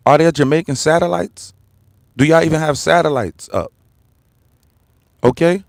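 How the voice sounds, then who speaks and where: A man's voice: on the high side, moderate pace, creaky, long pauses, no room sound. An American man hosting a political commentary livestream, ranting heatedly, repeating his points and firing rhetorical questions while talking straight to his viewers. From United States. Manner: addresses viewers and the comment section directly. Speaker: livestream host.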